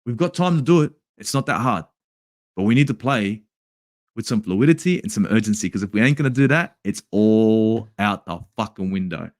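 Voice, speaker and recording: An Australian man ranting angrily as a fan channel host, swearing often and swinging between shouts and low mutters while he reviews a match and answers live chat. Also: animated, normal speed, no echo, studio quality.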